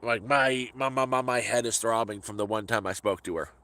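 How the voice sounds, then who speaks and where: A middle-aged man vents through a casual vlog story into a handheld phone, stumbling over repeated words as his frustration builds. His voice is bright and forward, with a mid-range pitch. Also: fairly quick. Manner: exasperated, ranting, repeats words. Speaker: vlogger. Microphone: phone held by hand.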